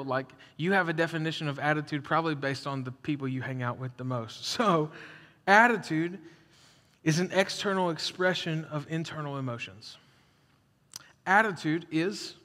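A preacher man talking to his church in a lively, chatty way, slipping into small mock voices for the people he describes. His voice sits high and sounds bright and forceful. It rings out with the long reverb of a big hall. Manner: conversational, animated, acts out quoted voices. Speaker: pastor. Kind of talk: sermon.

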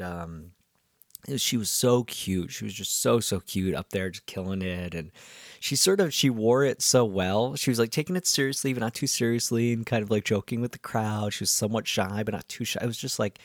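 A man's voice: lowish voice, no room sound, clean studio sound. A man who hosts a podcast, telling stories from his week in a rambling casual way, with many ums and restarts. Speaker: podcast host and musician. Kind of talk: casual storytelling monologue.

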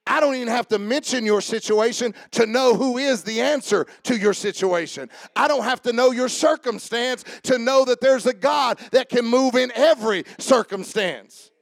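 Man, pastor, preaching a sermon, call-and-response, shouting then dropping low, gravelly texture, dry close sound. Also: moderate pace, hardly any pauses, no echo. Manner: joking with the congregation.

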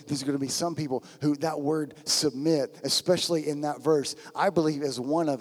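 Preaching man, high voice, husky, echoing hall. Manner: emphatic preaching with rhetorical questions and mock quotes. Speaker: pastor. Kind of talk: sermon.

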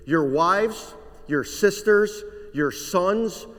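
A man preaching a sermon, earnest and measured, letting his voice sink to a quiet hush on the weightier lines. His voice sits a little high for a man. A long reverb trails every phrase, as in a large sanctuary. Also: expressive. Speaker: pastor.

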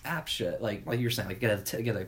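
A young man chatting casually in a slangy, laid-back way, swearing freely. His voice sits on the low side. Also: expressive, fast talker. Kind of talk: casual chat.

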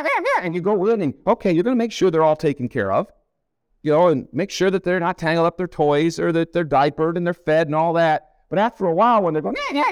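With a high-pitched, clean-toned voice, a middle-aged pastor shares family anecdotes in a folksy sermon at a camp meeting hall, repeating himself for emphasis. There's no room sound, and the audio is studio quality.

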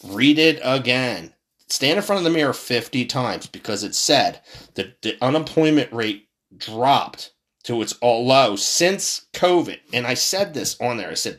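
A man's voice: mid-range voice, sing-song, a little slow, a bit bright. Swearing man on an angry political rant. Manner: heated, swearing, repeats himself. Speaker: political commentator.

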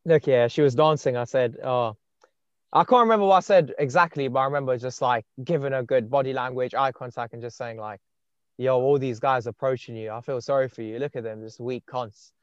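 Young male podcast host, relaxed rambling delivery, dull lo-fi mic. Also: mid-range voice, a little fast, smooth, no echo. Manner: laid-back storytelling with many fillers. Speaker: podcast host and dating coach. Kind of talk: casual podcast chat. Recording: dull muffled podcast sound.

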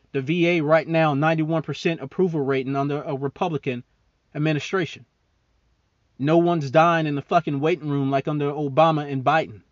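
A man's voice: fairly high pitch, no room sound, lo-fi sound. A man hosting a podcast, ranting angrily about politics with heavy profanity and mocking asides; he talks as a serving military member. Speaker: podcast host. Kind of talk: angry political rant.

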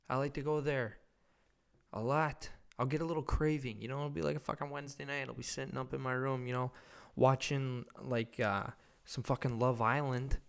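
A man's voice: mid-range voice, gravelly, smooth. A young man hosting a solo comedy podcast, rambling and self-mocking, swearing constantly. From Wisconsin. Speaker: podcast host.

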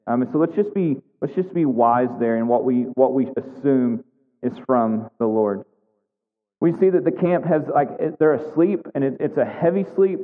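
A man's voice: mid-range voice, expressive, normal speed. A man preaching a sermon in a conversational way, often repeating words and asking "right?" as he explains scripture. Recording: tinny phone-like sound in a long echoing hall.

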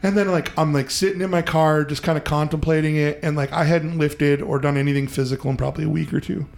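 A man hosting a podcast, telling a story in a casual, profane, animated way and acting out the voices he quotes. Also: on the high side, fast, creaky. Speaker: podcast host.

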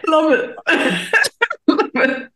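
Bright-voiced, laughing female comedian guest. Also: high voice, very animated, very slow. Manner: laughs often, enthusiastic. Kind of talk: casual interview chat. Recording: roomy echo.

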